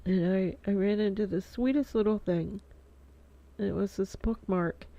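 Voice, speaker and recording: A woman's voice: mid-range voice, normal speed, warm tone. A middle-aged woman vlogging in a casual heartfelt monologue, rambling with lots of fillers, stuffy-nosed and teary. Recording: dull lo-fi dry sound.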